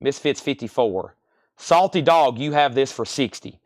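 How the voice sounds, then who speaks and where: A man running a live online record sale, calling out bids, buyers and prices in a rapid, repetitive patter. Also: mid-range voice, dry recording, clean studio sound. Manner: rapid-fire, repetitive calls of sales and prices. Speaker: live-stream record seller.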